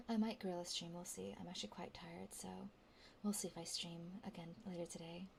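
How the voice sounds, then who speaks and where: A woman streamer speaking in a soft whisper, reading verse and joking casually between lines, in a whispered role-play. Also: fairly low pitch, steady tone, a little fast, vocal fry, slight background noise.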